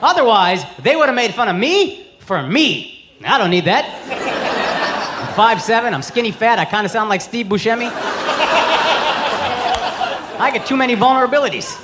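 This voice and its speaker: A man in his thirties doing a brash, profane stand-up set with crowd work, shouting his punchlines on a club stage. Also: very high voice, sing-song, a little fast, noisy background. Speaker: stand-up comedian. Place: comedy club stage before a live audience. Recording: live club with loud audience laughter. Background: loud crowd laughter.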